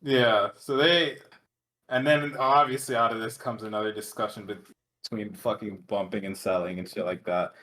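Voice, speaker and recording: A man's voice: on the low side, fairly even intonation, normal speed, fairly bright tone. A man co-hosting a casual talk show, reacting and recapping in a laid-back, profane way. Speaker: podcast co-host.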